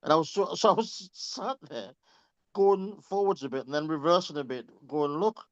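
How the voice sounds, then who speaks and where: A man on a reading group call tells stories with a somewhat high, animated voice at a normal speed, chatting, cursing freely, and laughing as he goes. There's no echo, and the lo-fi call audio sounds dry and slightly dull.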